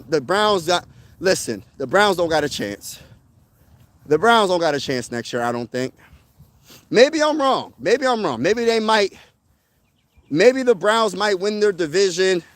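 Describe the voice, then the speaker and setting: A man hosting a casual sports talk stream outdoors, answering his chat in an excitable, slangy way and repeating himself for emphasis. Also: on the high side, low-quality recording. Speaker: sports channel host. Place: outdoors, windy.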